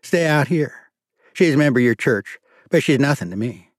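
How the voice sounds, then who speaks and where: A male narrator voicing a gruff, hard-nosed police captain who speaks bluntly and forcefully. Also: medium pitch, animated, normal speed, no echo, clean studio sound, pitched above the performer's own voice, natural voice. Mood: stern.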